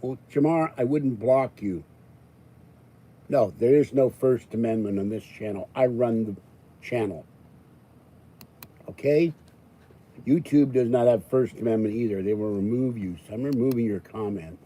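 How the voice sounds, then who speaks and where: Older man hosting a livestream, dark-voiced. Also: mid-range voice, a little slow, pauses often, rough recording. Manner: rambling, exasperated, raises voice then calms. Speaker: livestream host. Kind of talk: live-stream chat with viewers.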